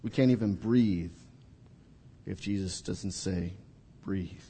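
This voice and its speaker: A man preaching a sermon to a congregation in a church hall, telling the story dramatically, acting out voices and dropping to a hush at key moments. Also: low voice, slow, slight background noise. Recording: reverberant hall.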